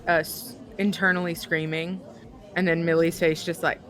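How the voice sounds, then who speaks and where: A woman's voice: fairly low pitch, flat delivery, moderate pace, a bit bright. Chatty woman player, filler-heavy. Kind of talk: casual tabletop play chat.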